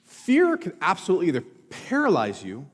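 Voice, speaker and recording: This pastor's high voice swoops wildly in pitch and moves a little fast, echoing with big-room sound. He is preaching a sermon in a church sanctuary, talking conversationally and asking the congregation questions.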